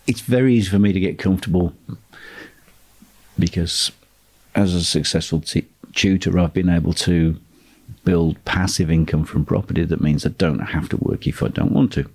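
A man talks through an instructional lesson on property investing, his voice sitting very low. There's a husky edge to his tone as he lays out points steadily and emphatically, circling back to repeat key phrases. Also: darkish tone. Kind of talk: instructional monologue.

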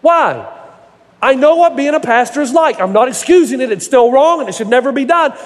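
High-voiced preaching man in a big hall. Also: lively intonation, brisk. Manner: storytelling with folksy humor, rising to emphatic preaching. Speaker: pastor. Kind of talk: sermon. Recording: echoey hall reverb.

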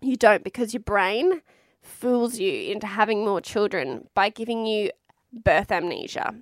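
A woman's voice: medium pitch, lively intonation, unhurried, no echo, studio quality. A woman, frankly recounting her birth story in a casual, chatty way, swearing freely.

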